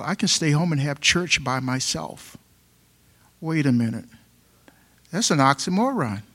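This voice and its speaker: A man's voice: mid-range voice, creaky. A man preaching a sermon, emphatic and fond of repeating rhetorical questions.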